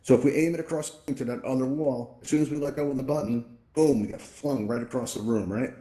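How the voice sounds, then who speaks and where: A man's voice: medium pitch, fast, mellow. A man hosting a live virtual reality class, chatty and walking the audience through the controls, often checking in with "right?". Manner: chatty, keeps asking "right?". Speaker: VR event host teaching controls. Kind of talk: live instructional walkthrough. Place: virtual reality event room, speaking to an audience.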